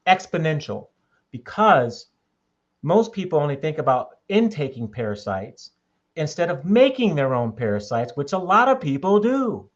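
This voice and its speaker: A man's voice: fairly high pitch, big pitch swings, moderate pace, lo-fi sound. A man talking in a casual podcast conversation, making his points emphatically and checking in with "okay?". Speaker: podcast host.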